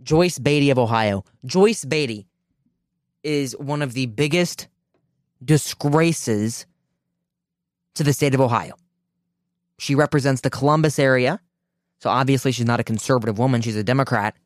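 A man rails through a political commentary on his own radio show, emphatic and indignant, often restarting a phrase. His voice is smooth and resonant, recorded dry and close with no room sound. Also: mid-range voice, moderate pace, long pauses, no room sound.

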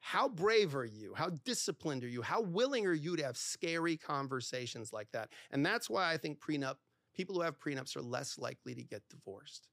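A man, a divorce lawyer, talking candidly as a podcast guest, animated and acting out the dialogue in his stories, with lots of "like". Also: fairly high pitch, a little fast, hardly any pauses, dry recording, studio quality. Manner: animated storyteller who acts out quoted dialogue, heavy use of "like".

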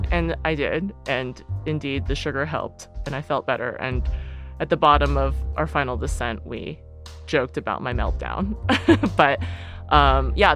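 A woman's voice: rumbling low, fairly bright tone. Chatty woman telling a personal story. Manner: chatty, laughs often, lots of "like". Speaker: guest.

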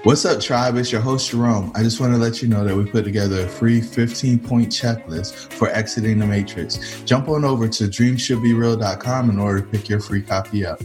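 A man's voice: lowish voice, fairly even intonation, brisk, few pauses, darkish tone. A man hosting a podcast, reading an upbeat promo directly to his listeners. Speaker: podcast host. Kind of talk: promo read. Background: music.

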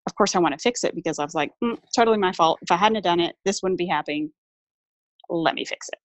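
A woman's voice: lowish voice, fast, no room sound. A woman, a mother calling in, chatting casually and quoting her own thoughts as she asks for advice. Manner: self-questioning, quotes her own thoughts. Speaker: caller asking a parent's question. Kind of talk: casual chat.

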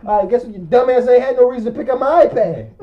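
A man's voice: very high voice, a little fast. A man telling a funny story in casual chat, laughing often and acting out the other people's lines as he goes. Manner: animated, laughing, acts out quoted lines. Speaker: podcast co-host. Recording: dull lo-fi recording.

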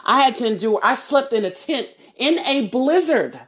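A woman's voice: fairly high pitch, animated, normal speed, fairly bright tone. A woman hosting a solo podcast, talking in a heated, emphatic way and often repeating words and restarting. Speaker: podcast host.

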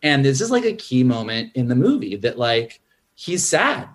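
Animated man talking movies. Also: normal speed. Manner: animated, acts out character quotes in a higher voice. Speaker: screenwriter and podcast guest. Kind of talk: casual film discussion.

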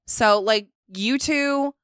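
A woman co-hosting a podcast in casual chat, earnest and warm, often saying "like". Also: on the high side, slow pace, dry recording, clean studio sound. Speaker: podcast co-host.

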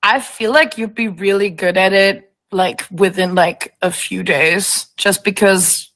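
A woman's voice: mid-range voice, steady tone, measured pace, a bit bright, no room sound. A young woman from Germany, a guest singer on a radio show, talking in a giggly, easygoing way full of fillers. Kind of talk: casual radio interview.

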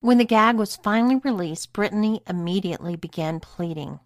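A woman narrating an erotic story in a steady, even reading voice. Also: medium pitch, a little fast, hardly any pauses, no echo. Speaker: story reader.

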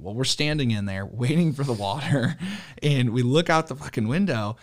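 A young man who works at a car dealership, telling a story in casual conversation, animated, laughing often and swearing freely. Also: medium pitch, normal speed.

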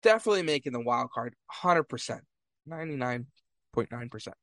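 A man's voice: mid-range voice, animated, brisk, a bit bright, no room sound. A man giving casual sports commentary, fired up and trash-talking rival fans.

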